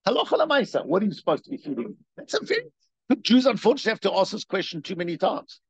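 Male teacher, fervent questioning delivery, swooping high voice, dry muffled recording. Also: very fast, gravelly, husky, no echo. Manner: animated, rhetorical questions, repeats himself. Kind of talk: spoken Torah lecture.

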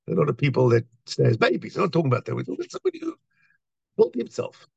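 A man giving a lively Torah talk, telling a story and acting out the voices of its people. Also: fairly high pitch, rapid-fire, creaky, husky, dry recording, muffled recording. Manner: animated storyteller, acts out voices, many restarts. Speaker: rabbi.

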